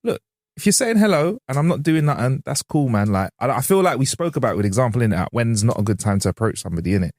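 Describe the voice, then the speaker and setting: A man's voice: mid-range voice, expressive, quick pace, a little mellow, no echo. A man co-hosting a podcast, telling stories in a laid-back, slangy way. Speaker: podcast co-host. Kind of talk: casual chat.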